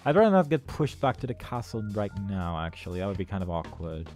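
A man's voice: low-pitched, sing-song, fast talker, a little mellow. A man giving sarcastic let's play commentary, humming and making up silly songs as he plays. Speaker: game commentator. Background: faint game music.

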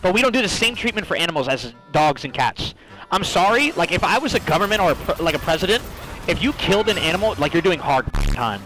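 High, lively profane gaming streamer man. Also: fast talker, rough recording. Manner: rambling, profane, excitable rants; fillers, repeated "like" and "literally". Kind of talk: casual gaming stream chat. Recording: music playing behind voice.

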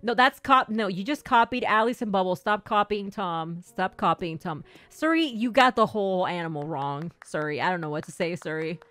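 Woman streamer, middle pitch, dry close sound; playful mock-teacher banter with chat, frequent laughs. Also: normal speed, hardly any pauses, sharp tone, no echo. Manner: playful, teasing, laughs often. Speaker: gaming streamer. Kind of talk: livestream chat, playing a strict teacher to viewers.

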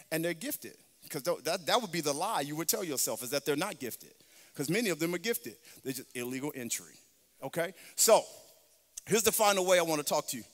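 A male pastor with a high voice preaches a sermon, rising into sung, shouted lines and dropping to a hushed, intimate tone. His voice rings out with a long reverb in a large hall. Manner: swings from chanted, shouted preaching to quiet, intimate teaching.

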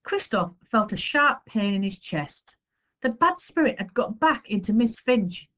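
A woman reading a children's chapter book aloud with expressive storytelling. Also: a little high, measured pace. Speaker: story reader.

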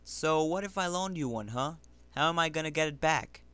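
A man voicing a sharp-tongued schoolgirl who is suspicious but friendly, talking in a brisk, skeptical way. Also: on the high side, expressive, clean tone, dry recording, voice pushed up. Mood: impatient.

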